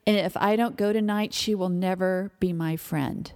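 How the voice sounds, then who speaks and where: A woman voicing a pushy, manipulative teenage girl, talking in a quick, insistent, whiny way, with long hall reverb. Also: medium pitch, steady tone, a little mellow, natural voice. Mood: pleading.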